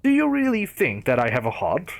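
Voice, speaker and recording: A man's voice: on the high side, wildly swooping pitch, a little fast, vocal fry, full character voice. A man voicing a sardonic male killer who answers dryly and with sarcasm. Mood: defiant. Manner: dry, sarcastic.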